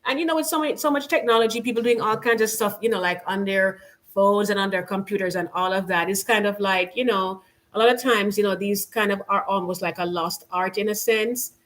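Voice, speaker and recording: A woman's voice: medium pitch, a little fast, a bit bright. Chatty Jamaican woman hosting a live stream. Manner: chatty, rambling, many fillers like "you know". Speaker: channel host. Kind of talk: casual live-stream show-and-tell.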